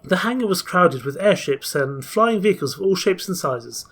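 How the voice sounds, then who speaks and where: A man's voice: high voice, animated, moderate pace, vocal fry, a bit bright, husky. A man playing a story game, reading its text aloud and chatting about his choices. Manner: chatty, mixes reading with plans. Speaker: game player.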